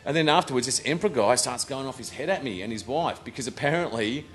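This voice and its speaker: A man's voice: mid-range voice, animated, fast talker. A man in his thirties with an Australian accent, a band member rambling through anecdotes in casual chat and swearing freely. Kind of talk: casual storytelling.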